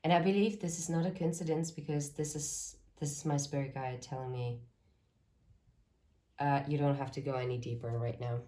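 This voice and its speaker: Woman, tarot reader, deep voice, earnest, rambling asides. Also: fairly even intonation, moderate pace, warm tone. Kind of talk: channeled tarot reading to camera.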